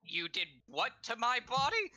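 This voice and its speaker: A man's voice: very high voice, huge pitch swings, a little slow, sharp tone, low-quality recording. A man playing a tabletop game, sarcastic and indignant. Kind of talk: casual in-character and table talk.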